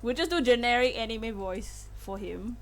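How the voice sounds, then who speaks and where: A woman's voice: fairly high pitch, lively intonation, normal speed. A woman chatting casually with her viewers while playing through a game on a live stream, giggling often. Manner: chatty, giggly, talks to chat. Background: faint game music.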